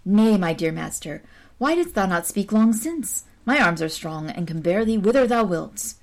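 A woman's voice: medium pitch, animated, normal speed, lightly acted. Storybook: loyal unseen spirit servant, reassuring and formal, read by a woman. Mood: devoted. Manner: archaic devoted speech. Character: invisible loyal magical servant, devoted.

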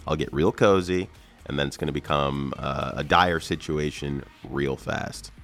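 A man's voice: very deep voice, measured pace, fairly bright tone, soft background music. A man co-hosting a radio show in a studio, rambling and joking in casual banter. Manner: rambling, joking, self-deprecating.

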